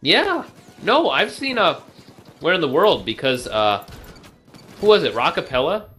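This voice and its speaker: A man playing a co-op video game with a friend, chatting casually and joking, with loud exclamations. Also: a little high, a little slow, soft background music. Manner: animated, jokey, exclaims loudly. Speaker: co-op player.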